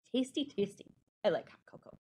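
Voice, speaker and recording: A young children's librarian leads a preschool storytime in a medium-pitched voice, her delivery slow, exaggerated, sing-song, and encouraging for small children.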